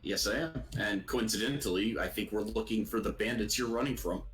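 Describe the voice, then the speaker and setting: A man's voice: fairly low pitch, fairly quick, fairly bright tone, lightly acted, low-quality recording. A man voicing a warforged robot character in a plain, matter-of-fact way. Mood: calm. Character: calm male warforged, a robot.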